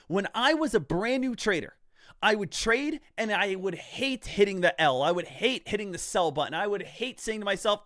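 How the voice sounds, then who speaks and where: High-voiced, energetic male trading coach. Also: normal speed, no room sound, studio quality. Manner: energetic, talks straight to viewers as "guys" and "team"; repeats phrases for emphasis. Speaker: stock trader and trading coach. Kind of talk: casual trading lesson over live charts.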